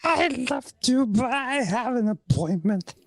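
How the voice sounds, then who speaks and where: A woman's voice: fairly high pitch, animated, measured pace, husky, dry recording. A woman reading a polite, demure young woman guest in an amateur radio-play reading.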